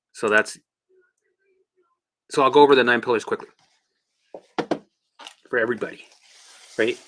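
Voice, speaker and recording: A man hosting a casual livestream, coaching viewers through exercises in an animated, chatty way with the odd swear word. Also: medium pitch. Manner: guides listeners through exercises. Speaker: host and recovery coach.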